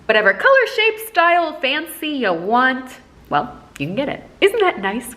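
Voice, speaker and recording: Young woman vlogger, bubbly and self-mocking, with a lively, swooping voice. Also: high voice, normal speed. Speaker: beauty vlogger. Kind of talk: casual tutorial chat with voice-over. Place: outdoors outside her apartment.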